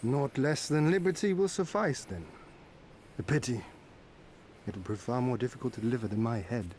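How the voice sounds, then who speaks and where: An actor playing a resolute young lord in a video game, speaking in a formal, archaic way. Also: male voice, mid-range voice, lively intonation, normal speed, darkish tone, a little hiss or hum, close to an everyday voice.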